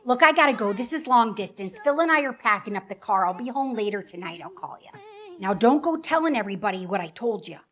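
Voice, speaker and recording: Indignant, folksy middle-aged wife on a long-distance call, voice sitting a touch high, played by a woman. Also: lively intonation, fast talker, fairly bright tone.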